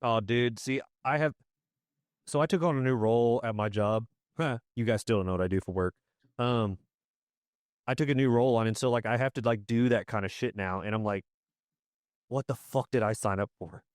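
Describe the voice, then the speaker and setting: A man in his thirties co-hosting a podcast, talking casually in a halting way with many fillers and some swearing. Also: mid-range voice, clear, resonant tone, no echo, clean studio sound. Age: 30s. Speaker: podcast co-host. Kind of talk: casual chat.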